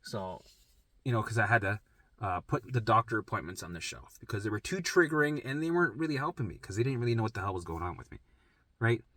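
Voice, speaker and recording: A man's voice: fairly low pitch, sing-song, quick pace, a bit bright, dry recording. A man rambling through his own health story in casual, profane, emphatic storytelling. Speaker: vlogger sharing a health journey.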